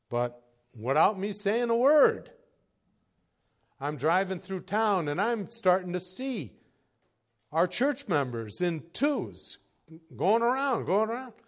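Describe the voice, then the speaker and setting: Slow-talking pastor, folksy and lively. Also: male voice, fairly high pitch. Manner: folksy storytelling, chuckles, swings from quiet asides to raised exhortation. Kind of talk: sermon.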